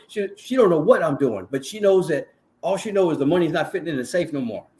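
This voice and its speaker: Texan man in his forties, higher voice, lively storyteller acting out quotes, street slang. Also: quick pace. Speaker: podcast guest. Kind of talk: casual storytelling interview.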